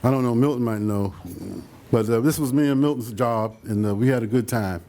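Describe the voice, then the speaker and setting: A man's voice: mid-range voice, a little fast, warm tone. Rambling older man showing his photos. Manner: rambling storyteller, many fillers and asides, chuckles; acts out quotes in other voices. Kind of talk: casual slideshow talk to an audience.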